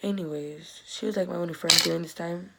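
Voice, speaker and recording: Chatty teen girl with a gravelly low voice. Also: fairly even intonation, a little fast, heavy background noise. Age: teens. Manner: chatty, rambling, acts out quotes. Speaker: vlogger telling a storytime. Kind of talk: casual storytime.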